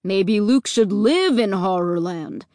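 Woman reading as a jokey laid-back dad, slow and bouncy. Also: mid-range voice, lively intonation, a little mellow, dry recording, studio quality. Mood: teasing. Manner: jovial, teasing. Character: cheerful easygoing suburban dad.

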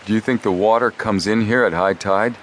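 A man's voice: on the low side, steady tone, fairly quick, a little hiss or hum, voice pushed up, lightly acted. A man voicing a blunt, plain-spoken teenage boy in a storybook reading.

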